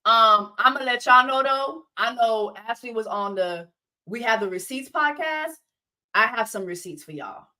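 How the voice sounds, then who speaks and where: Animated high bright-voiced woman host. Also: unhurried. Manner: animated, profane, incredulous rants. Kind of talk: casual reality-TV commentary livestream.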